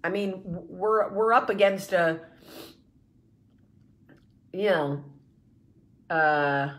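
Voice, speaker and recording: A woman's voice: lowish voice, extremely slow, fairly bright tone. A woman hosting her vlog, giving an impassioned, blunt monologue with swearing and repeated rallying phrases. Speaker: vlog host.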